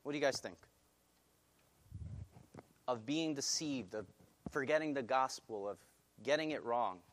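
A male pastor preaching a sermon, animated and putting questions to his congregation. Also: mid-range voice, unhurried, a little hiss or hum.

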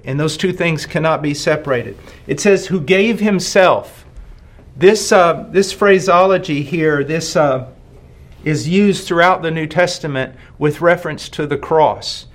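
Male preacher, slightly high voice, slow and deliberate, hammers key words and repeats lines. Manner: emphatic, slows and stresses key words; repeats phrases for emphasis. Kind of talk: sermon.

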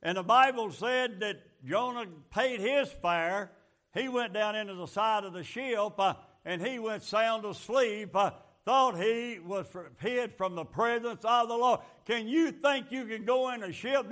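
A man's voice: very high-pitched, a bit bright. A man preaching a fervent, folksy sermon full of rhetorical questions.

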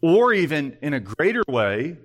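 A man's voice: fairly high pitch, sing-song, normal speed. A male pastor preaching an earnest sermon, full of pointed rhetorical questions.

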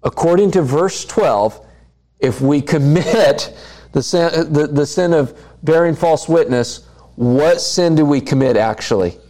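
A man's voice: a little high, unhurried, warm tone. A man preaching a sermon, putting questions to the congregation and repeating key lines for emphasis. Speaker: pastor.

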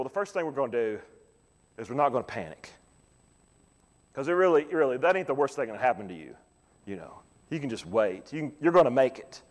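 A man in his thirties preaching a sermon in a folksy, conversational way with touches of humor. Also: on the high side. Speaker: pastor. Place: church sanctuary. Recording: long church reverb.

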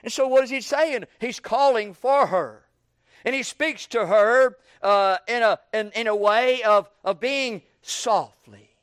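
A man preaching an evening sermon in a folksy way, repeating words and building up to shouted questions. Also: very high-pitched, measured pace, clear, resonant tone, no room sound, studio quality.

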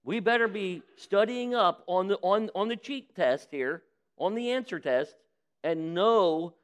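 Pastor preaching with a clear, fairly high voice. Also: male voice, animated, unhurried. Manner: preaching with acted-out quotes of sinners and God; folksy direct address to the congregation. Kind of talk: sermon.

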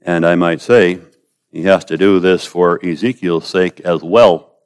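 A man preaching an expository sermon, rising to loud pleading when voicing prayers and dropping low and quiet, addressing listeners as beloved. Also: steady tone, a little slow, smooth.

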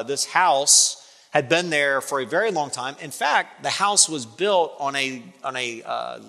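A man preaching a sermon, telling a story from his own life and acting out the other person's lines with big jumps in pitch. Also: pushed and bright. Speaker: pastor. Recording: long hall reverb.

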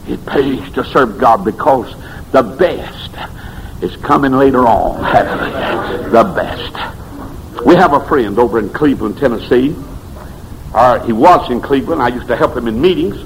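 A man preaching a revival sermon, telling stories and swinging between shouted peaks and hushed low passages. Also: lively intonation, measured pace, a little hiss or hum, poor audio.

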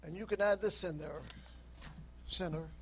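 High-voiced impassioned preacher, man. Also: normal speed, a little hiss or hum, poor audio. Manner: impassioned, rising to high shouts; reads scripture aloud in King James wording. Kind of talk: sermon.

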